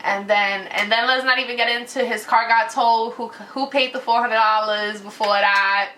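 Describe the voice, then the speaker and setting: Young woman on a vlog telling a story, high voice, super bright, loud and animated, acts out everyone. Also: normal speed, a little hiss or hum. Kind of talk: casual storytelling.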